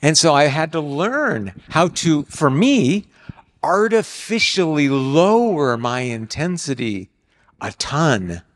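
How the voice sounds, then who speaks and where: An older man preaching on marriage, animated, acting out quoted lines with bursts of loud exclamation. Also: on the high side, slow. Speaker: speaker on marriage. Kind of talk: sermon. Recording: long hall reverb.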